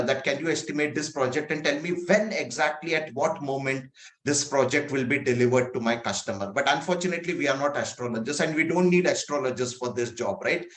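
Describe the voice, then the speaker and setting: A man from India with a fairly high voice leads an online coaching session over a video call. He talks loosely, full of fillers, and keeps asking the group rhetorical questions. The sound carries a noticeable room echo. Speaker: agile coach.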